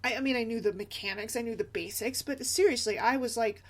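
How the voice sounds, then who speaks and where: A young woman chatting casually in a vlog about parenting, animated and laughing often. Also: on the high side, brisk, few pauses. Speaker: mom blogger.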